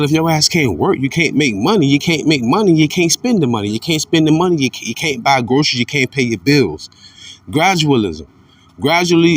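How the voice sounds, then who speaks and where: Recorded from a distance with no echo, this man's slightly bright voice carries a casual monologue on religion. He curses bluntly, says things more than once, and flips from heated bursts to quiet muttering.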